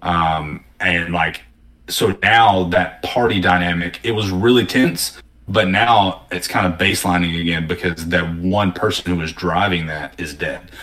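A man's voice: low-pitched, unhurried. A man in casual conversation, animatedly telling stories and acting out what people said. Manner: animated storyteller, acting out quotes. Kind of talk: casual conversation about tabletop games.

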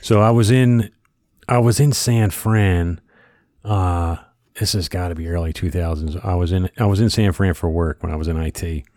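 Lively Philly man telling stories. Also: deep voice, moderate pace, no room sound. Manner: animated storyteller who acts out quotes loudly. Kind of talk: casual storytelling chat.

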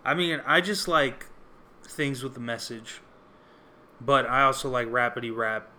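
A man's voice: mid-range voice, unhurried, bright, forceful tone. A man in casual chat about rap music, laid-back, often giving short agreeing replies.

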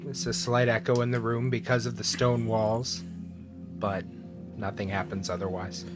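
A man narrating and explaining as dungeon master in a tabletop game, calm and explanatory. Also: fairly low pitch, normal speed. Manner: relaxed, explaining rules and scenes. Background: guitar music.

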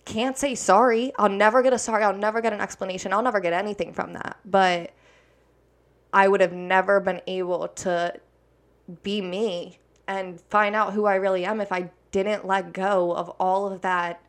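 A young adult woman, a hair stylist, speaking openly and from the heart in a conversation, her words coming in quick rushes. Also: mid-range voice, fairly even intonation. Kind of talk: candid conversation.

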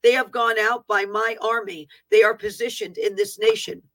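A woman's voice: on the high side, very animated, normal speed, fairly bright tone. A woman reading a prophetic word aloud with fervent proclaiming, breaking off for plain asides about how the written text looks. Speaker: prophetic minister.

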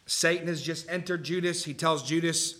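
Guy preaching a sermon, kinda high bright voice, chatty with the crowd. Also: fairly even intonation, moderate pace. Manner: conversational, keeps checking in with the room. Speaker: pastor. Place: church service before a live congregation.

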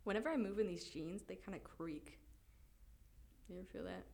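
A woman's voice: mid-range voice, brisk, gravelly, a little mellow. A young woman co-hosting a podcast in casual chat, playful and teasing with joking asides. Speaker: podcast co-host.

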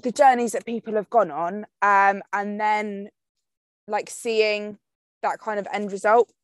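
A woman's voice: mid-range voice, fairly even intonation, a little slow, no room sound, clean studio sound. A woman hosting a podcast, chatty and casual, swearing now and then and often laughing. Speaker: podcast host.

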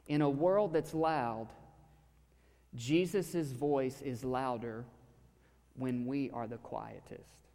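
A man preaching a sermon to a congregation, talking conversationally and swinging from loud emphasis to a hushed near-whisper. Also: medium pitch, slow, long pauses. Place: church sanctuary with a live audience. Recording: long hall reverb.

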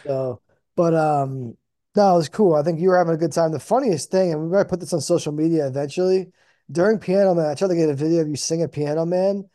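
A man's voice: a little high, fast, mellow, dry recording, clean studio sound. A man co-hosting a casual podcast chat, easygoing and teasing, with frequent ums. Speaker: podcast co-host.

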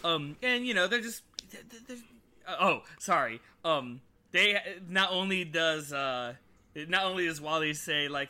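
A man co-hosting a podcast from home, recapping an episode in a casual rambling way, often dropping into quick character voices. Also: a little high, lively intonation, pushed and bright. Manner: rambling, hesitant, full of 'you know' and 'like'. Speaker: podcast co-host. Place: home, remote recording.

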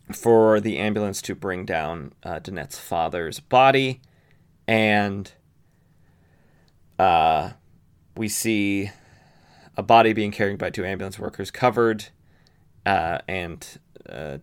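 A male podcaster recaps a comic book story in a relaxed, chatty way, peppering his speech with fillers and asides. His voice sits low and sounds smooth and resonant. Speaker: podcast host.

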